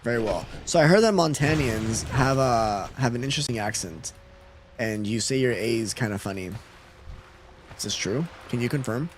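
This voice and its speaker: Over a faint hiss or hum, a man live-streaming a game talks with viewers in a mid-range voice at normal speed. He reads their messages out in a relaxed, chuckling way.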